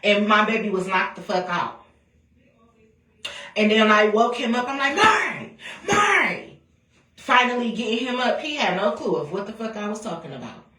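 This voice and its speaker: A woman's voice: mid-range voice, moderate pace. Profane storytelling woman in an echoey room. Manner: blunt, profane, animated storytelling. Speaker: mother telling her own story. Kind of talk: casual storytime rant. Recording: echoey room, voice a bit far from mic.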